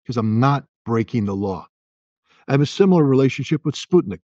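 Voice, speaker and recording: An American man in his sixties, giving a halting, emphatic interview answer that turns forceful and defiant. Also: medium pitch, lively intonation, dry recording. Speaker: interview guest. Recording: dull, dry remote call audio.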